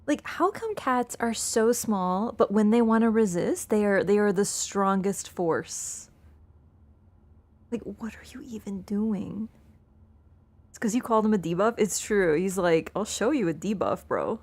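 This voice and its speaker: A woman's voice: mid-range voice, unhurried, darkish tone. A woman game streamer in casual live-stream chat, playful and chatty, talking to her cat between lines and laughing easily. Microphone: wearing an earbud headset.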